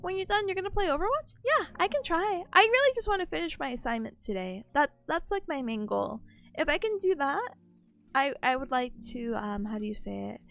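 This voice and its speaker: Giggly young woman streamer, high voice that bounces all over, bit sniffly, soft music behind. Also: sing-song, a little fast, creaky. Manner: playful, giggly, bubbly. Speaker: VTuber streamer. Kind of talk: casual chat with stream chat.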